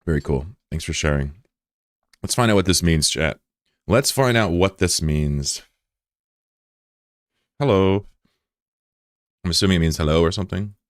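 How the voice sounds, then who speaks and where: A man's voice: deep voice, unhurried, pauses often, no room sound, studio quality. A young American man streaming and chatting casually with his audience, joking around and stumbling as he tries words in other languages. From United States. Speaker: livestreamer. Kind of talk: casual chat with a live audience.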